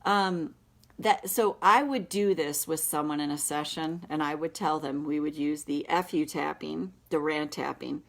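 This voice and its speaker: Brief: woman tapping coach, low voice, unhurried, emphatic repeated affirmations. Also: gravelly. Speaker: tapping practitioner. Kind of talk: guided tapping session.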